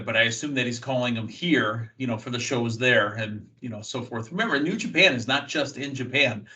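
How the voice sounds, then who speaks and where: A man from the United States hosts a wrestling news show, talking in a loose, chatty way full of uh and you know. His voice is bright and forceful, at a middling pitch. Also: low-quality recording. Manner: chatty, thinks aloud with many fillers. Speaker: podcast host. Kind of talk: casual wrestling news talk.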